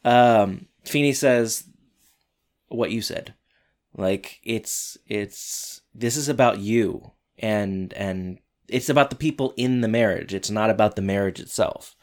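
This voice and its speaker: A man's voice: on the low side, slow pace. Laid-back man recapping a show. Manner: laid-back, self-mocking, fillers and restarts. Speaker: podcast co-host. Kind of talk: casual episode recap chat.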